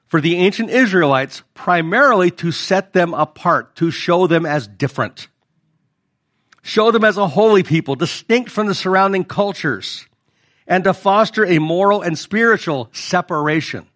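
A middle-aged man preaches in a high, light voice. He keeps it conversational and turns to the congregation with questions. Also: expressive, unhurried, fairly bright tone. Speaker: pastor. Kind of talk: sermon.

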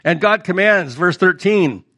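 High-voiced man preaching a sermon. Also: lively intonation, unhurried, bright, forceful tone. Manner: conversational preaching, asks the congregation questions. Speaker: pastor.

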